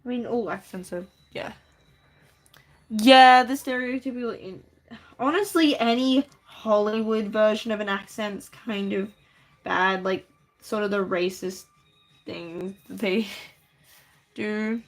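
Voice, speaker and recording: A woman's voice: medium pitch, takes it slowly, long pauses. A woman chatting casually on a livestream while drawing, rambling with many fillers and easy laughs. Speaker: streamer.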